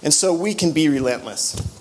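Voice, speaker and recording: A middle-aged man, giving an animated motivational conference talk full of stories and quick restarts. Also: fairly high pitch, heavy background noise. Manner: storytelling, animated, with frequent restarts. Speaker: conference speaker. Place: conference room.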